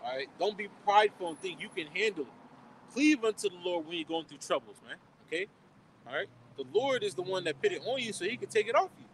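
A man with a fairly high voice preaches outdoors in a loose, conversational Bible study. He ends almost every line with "man" or "okay?" and poses questions he answers himself. Faint street traffic hums behind him. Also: animated, brisk, poor audio. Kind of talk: informal outdoor Bible teaching.

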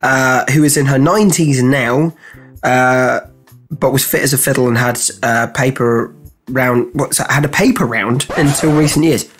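A man's voice: medium pitch, steady tone, moderate pace, a bit bright, faint music behind. A man hosting a comedy podcast and telling a story in casual chat, laughing and swearing. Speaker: podcast co-host.

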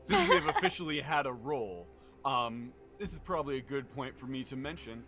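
A man's voice: mid-range voice, big pitch swings, fairly quick, heavy background noise. A man running a tabletop game on a live stream, narrating in a rambling way with many fillers. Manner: rambling, full of fillers, laughs often. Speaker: game master. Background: music.

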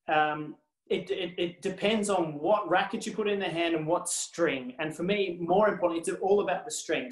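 An Australian man, a former tennis player, telling animated anecdotes on a video call, with frequent restarts and laughs. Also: fairly high pitch, echoey room, low-quality recording. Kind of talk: casual storytelling on a video call.

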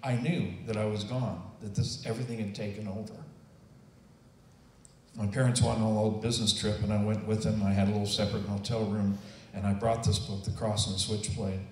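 A man's voice: fairly low pitch, little pitch movement, brisk, darkish tone. Older man, earnest emotional testimony, very roomy echo, faint background noise. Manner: earnest, emotional, quotes himself and others in acted voices. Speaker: testimony speaker. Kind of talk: personal testimony storytelling. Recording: roomy, distant and noisy.

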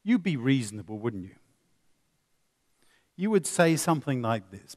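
A man preaching a sermon, swinging between loud emphasis and quiet asides, with many rhetorical questions. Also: on the high side, very animated, normal speed, pauses often. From England. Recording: long reverb of a hall.

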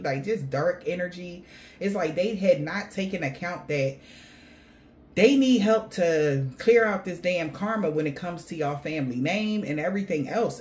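A woman's voice: on the low side, a little mellow. A woman giving a casual spiritual reading, rambling and blunt, swearing freely. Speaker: tarot reader.

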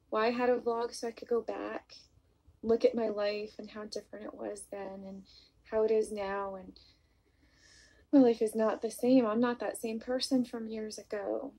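A woman with a slightly high, husky voice chats casually to viewers on a live stream, greeting them by name and reading out their comments. She talks in a soft, confiding way, often apologising, and sounds close to a phone or webcam mic. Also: low-quality recording. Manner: soft, confiding and apologetic, talking openly about her mood disorder. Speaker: vlogger hosting a live stream.

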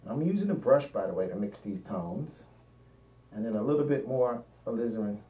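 The recording is roomy and lo-fi, dull in tone, with the mic placed far away. In it, a man with an expressive, medium-pitched voice talks through a painting demonstration at a moderate pace, musing aloud and often trailing off.

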